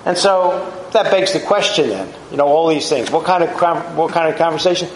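A man's voice: a little high, a little fast, reverberant, a little hiss or hum, low-quality recording. A man preaching a sermon, teaching through Bible verses in a conversational, reflective way with rhetorical questions.

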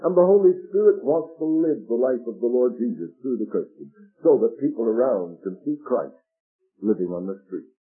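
Animated male preacher on old radio. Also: medium pitch, moderate pace, husky. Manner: animated, rhetorical questions, reads scripture aloud. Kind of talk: sermon. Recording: tinny lo-fi old radio broadcast.

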